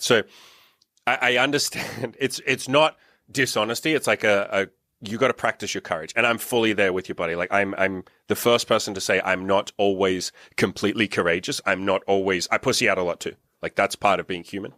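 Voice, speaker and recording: A man's voice: fairly low pitch, steady tone, fast, sharp tone, no echo, studio quality. A man hosting a casual roundtable as a dating and business coach, blunt, joking and profane.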